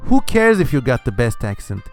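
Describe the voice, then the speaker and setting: A man with a sibilant voice, a talkative channel host answering fan questions in a casual monologue, swearing freely and switching between quick and drawn-out delivery. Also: medium pitch, very animated, soft background music.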